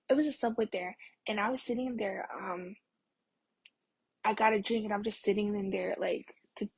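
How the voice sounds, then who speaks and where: A young woman from tells a story in a casual, rambling way, full of fillers. Her voice is very breathy and a little high, and she slips into whispers now and then. The sound is dry and close. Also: darkish tone, no room sound. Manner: chatty, many fillers, drops to a whisper at times. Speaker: vlogger.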